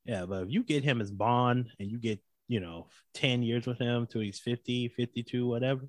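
A man in casual conversation as a podcast co-host, animated and opinionated, laughing often. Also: mid-range voice, normal speed, dry recording. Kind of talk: casual chat.

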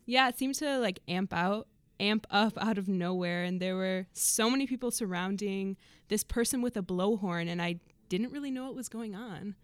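A woman's voice: mid-range voice, moderate pace, smooth, dry recording. A woman hosts a weekly news podcast in a mid-range voice. She chats in a casual, upbeat way and asks her guests questions. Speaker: host and reporter. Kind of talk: casual news show hosting.

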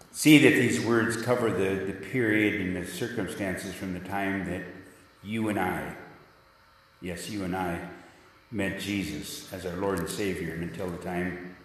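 A man preaching a sermon as pastor, with emphatic delivery that repeats key words. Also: sits low. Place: church. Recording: echoey church hall from far off.

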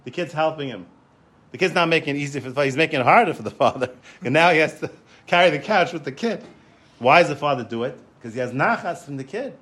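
A man giving a Torah lecture, telling stories in an animated way, often repeating words and restarting. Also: a little high, fast talker. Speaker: Torah class teacher.

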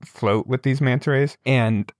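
A young man telling a story in casual chat, animated and laughing, lifting his voice to quote people. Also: medium pitch, measured pace, no room sound, studio quality. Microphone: remote call with broken camera.

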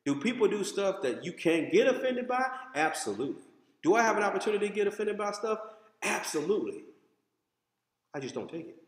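Animated preacher in an echoey hall. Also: male voice, high-pitched, brisk. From United States. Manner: animated, conversational preaching with asides to the congregation. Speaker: pastor. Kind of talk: sermon. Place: church sanctuary.

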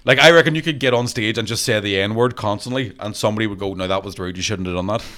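A man's voice: on the low side, quick pace, a bit bright. A man, a stand-up comedian, telling profane stories in casual chat and laughing as he goes. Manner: profane, laughing through his own stories. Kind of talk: casual podcast storytelling.

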